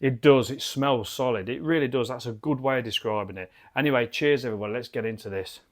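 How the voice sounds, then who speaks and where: A man's voice: medium pitch, brisk. A British man giving a chatty, enthusiastic and rambling beer review from his garden cabin bar. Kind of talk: casual video review.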